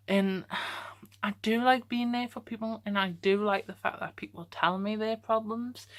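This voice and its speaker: A woman's voice: on the low side, fairly bright tone. A young woman reading aloud an old letter she wrote to herself, breaking off to comment and laughing often, in a casual reflective way.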